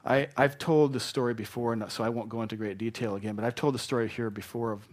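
A middle-aged man preaches from a church pulpit, his voice sitting in an ordinary middle pitch. He talks plainly, then acts out quoted apologies and excuses with lively shifts of voice. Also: fast talker. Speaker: pastor. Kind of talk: sermon.

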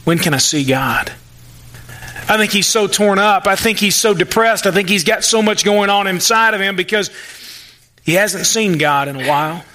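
Male pastor, high bright voice, chatty sermon delivery. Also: animated, moderate pace, a little hiss or hum. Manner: conversational preaching, acts out the psalmist's voice.

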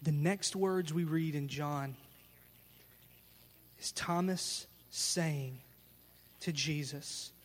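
A man preaching a sermon as pastor, telling the story with lively, casual slang. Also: fairly high pitch, extremely slow, long pauses, long reverb tail. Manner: animated storytelling, acting out scenes with casual slang.

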